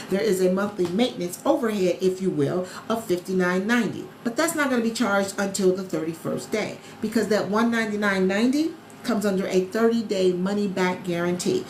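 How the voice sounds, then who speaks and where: A woman's voice: mid-range voice, a little hiss or hum. Chatty woman hosting a live stream, roomy echo. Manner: chatty and upbeat, greets followers by name, repeats key points. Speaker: live stream host recruiting travel agents. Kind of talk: casual sales pitch on a social live stream. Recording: roomy echo with faint background ambience.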